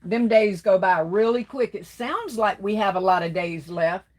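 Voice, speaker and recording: A woman's voice: medium pitch, normal speed. Lady hosting a craft live, chatty and sweet, calling folks baby and darling. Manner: warm, affectionate, calls viewers baby and darling. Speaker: livestream host. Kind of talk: casual livestream chat reading comments.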